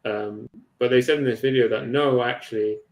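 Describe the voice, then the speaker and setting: A man's voice: mid-range voice, fairly even intonation, normal speed, reverberant. A man co-hosting a podcast, talking through a point in a thoughtful, hedging way. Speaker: podcast co-host. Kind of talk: casual conversation.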